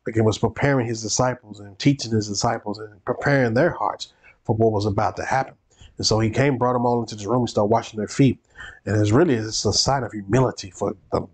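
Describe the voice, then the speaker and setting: A man's voice: fairly low pitch, breathy edge. Man preaching a Bible study. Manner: repeats phrases for emphasis, preacherly. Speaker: pastor.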